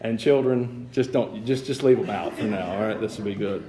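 A man's voice: on the low side, normal speed, warm tone. A man in his thirties preaching a sermon in a church sanctuary, chatty with joking asides, building to emphatic passages. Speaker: pastor. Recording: echoey church room.

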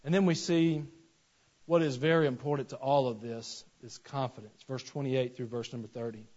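A man, preaching a sermon and telling stories with animated acted-out voices. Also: medium pitch, moderate pace. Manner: animated storytelling, acts out voices in anecdotes. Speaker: pastor. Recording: dull lo-fi sermon recording.

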